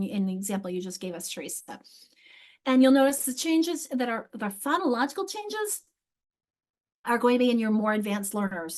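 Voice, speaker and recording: A middle-aged literacy instructor leads a live online teacher training over a video call mic. Her voice is a little high and slightly mellow, and she explains with emphasis, repeating key words.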